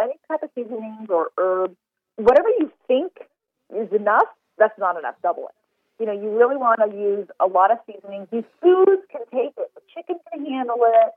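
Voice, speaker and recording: A woman's voice: fairly high pitch, dry recording. A woman chef giving cooking advice in a casual podcast interview, enthusiastic and talking in long run-on explanations. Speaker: chef and recipe developer. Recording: tinny phone line, dry.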